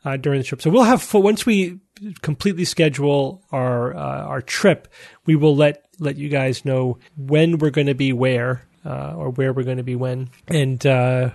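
A man's voice: medium pitch, fairly even intonation, normal speed, creaky, darkish tone, no echo. A man hosting a podcast, chatting casually and cheerfully with his co-hosts. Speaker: podcast host. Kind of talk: casual panel chat.

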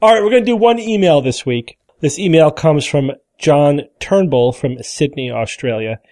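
A man's voice: on the high side, animated, moderate pace, darkish tone, dry recording, studio quality. A man co-hosting a podcast in casual chat, joking and playful. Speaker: podcast co-host.

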